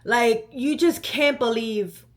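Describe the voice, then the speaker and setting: A young woman telling a storytime vlog in an animated, chatty way, full of "like" and "let me tell you". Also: fairly high pitch, takes it slowly. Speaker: vlogger.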